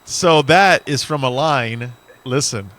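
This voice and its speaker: A man's voice: medium pitch, slow, fairly bright tone. A man co-hosting a podcast in casual chat, rambling and joking, swearing freely as he talks. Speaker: podcast co-host. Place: indoors, dim room.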